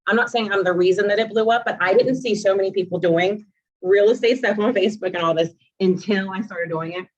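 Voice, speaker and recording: A woman's voice: medium pitch, fairly quick. A woman in casual conversation who tells her stories by acting out what each person said. Her voice sits in a middle range. The recording sounds a little dull and muffled. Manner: chatty storyteller who acts out quoted dialogue. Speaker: realtor and social media creator. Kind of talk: casual chat.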